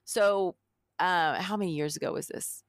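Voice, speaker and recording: Brief: middle-aged woman, low gravelly voice, animated storyteller, dry close sound. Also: normal speed, no room sound. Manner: animated storyteller, acts out quotes. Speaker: podcast co-host. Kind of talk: casual chat.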